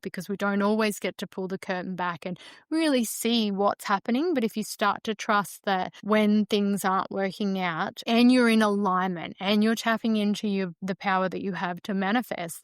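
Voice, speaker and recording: A woman's voice: medium pitch, clear, resonant tone, no echo, clean studio sound. A woman hosting a solo podcast, talking through her feelings in a reflective, meandering way with frequent fillers. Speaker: podcast host.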